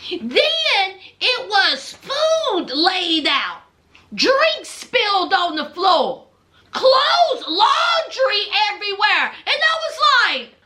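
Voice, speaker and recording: A woman's voice: very high-pitched, wildly swooping pitch, very slow, pushed and bright. A woman hosting a reality TV recap, telling it as a sassy, dramatic story in casual commentary. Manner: sassy, dramatic storytelling, calls listeners honey.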